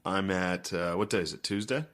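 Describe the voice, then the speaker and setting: A man's voice: low voice, moderate pace, a bit bright. A man co-hosting a podcast, talking in a dry, offhand way about being on the road as a comedian. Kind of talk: casual podcast banter.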